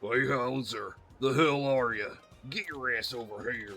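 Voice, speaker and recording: A man voicing a gruff, angry male head chef who barks and scolds his staff. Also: medium pitch, fairly quick, pushed and bright, soft background music. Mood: shouting. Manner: barking, scolding.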